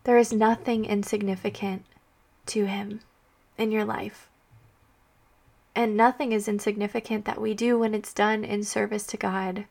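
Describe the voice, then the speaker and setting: Gravelly-voiced woman sharing her faith, softly. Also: mid-range voice, flat delivery, a little slow. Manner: soft-spoken, drops to a hushed near-whisper when quoting Jesus. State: tearful. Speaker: Catholic podcast host.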